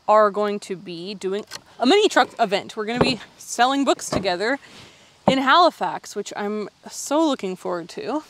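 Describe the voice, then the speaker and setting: A woman's voice: mid-range voice, very noisy. A young woman from Canada narrating a home renovation vlog in a chatty, upbeat way with small laughs. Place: old house, indoors.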